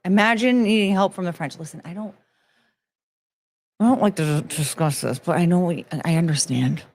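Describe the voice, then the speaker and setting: A woman in her forties chatting casually on a livestream, rambling and excitable, swearing freely, with sudden loud outbursts. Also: fairly low pitch, normal speed. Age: 40s. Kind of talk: casual livestream chat reading viewer messages.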